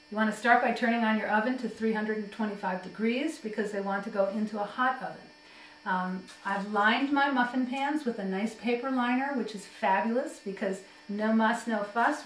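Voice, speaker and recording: A woman gives a chatty, homey cooking demonstration, her voice sitting a little high. She is recorded in an echoey kitchen, set back from the mic. Faint kitchen clatter plays underneath. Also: slight background noise. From Connecticut. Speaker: home cook. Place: home kitchen. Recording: roomy kitchen echo, mic at a distance.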